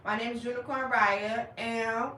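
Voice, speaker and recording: A young woman chatting casually with viewers on her livestream, animated and laughing as she acts out their reactions. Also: a little high, unhurried, roomy sound, recorded from a distance, slight background noise, poor audio. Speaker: livestream host.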